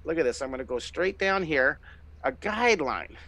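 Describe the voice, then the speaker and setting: A middle-aged man hosting a live online drawing lesson, giving excited, encouraging step-by-step instructions as he sketches. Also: on the high side, normal speed, creaky, dry recording. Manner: enthusiastic, encouraging, exclamatory. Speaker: drawing teacher and host.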